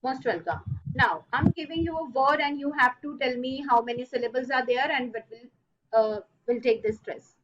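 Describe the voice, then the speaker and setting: A high-pitched woman lectures over a dull, lo-fi online call. She repeats each rule slowly, leaning on the key words. Her delivery is patient and instructive. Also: background noise. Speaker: teacher. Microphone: online video call.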